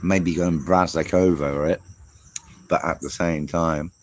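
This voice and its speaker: A man's voice: low-pitched, fairly even intonation, slow. A man chatting casually on a travel livestream, rambling and talking while he eats breakfast. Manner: rambling, chatty, talks with mouth full while eating. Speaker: travel vlogger. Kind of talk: casual live-stream chat. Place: on the road in Southeast Asia. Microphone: camera set in front of him. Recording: noisy ambience with insects and traffic.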